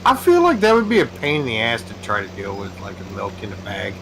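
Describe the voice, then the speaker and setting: A man's voice: on the low side, huge pitch swings, fast talker, gravelly, a bit bright, a little hiss or hum. A man chatting casually and joking crudely while playing a farming game. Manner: joking, profane. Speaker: gamer. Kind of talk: casual gaming chat.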